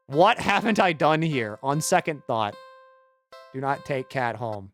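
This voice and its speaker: A man streaming a video game, reading its text aloud in a low mutter and breaking into rambling, jokey asides full of "like". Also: expressive, unhurried, pauses often, fairly bright tone, soft background music. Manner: jokey, irreverent, swears.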